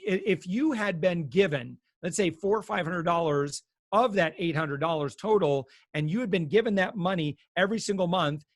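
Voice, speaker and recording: This animated man sits on the higher side of the usual male pitch range. He talks in a loose, chatty way full of fillers and restarts. His voice comes across very dry and close, with no sense of the room around it. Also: dry recording. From United States. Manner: animated, many fillers, acts out quotes. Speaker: guest consumer expert. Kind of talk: casual explanatory talk.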